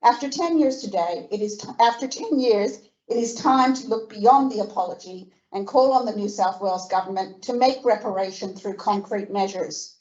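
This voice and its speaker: An older woman with an Australian accent, reading a prepared speech at a commemorative event in a measured, earnest way and stressing each point of a list. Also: medium pitch, darkish tone, dull audio. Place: museum function room.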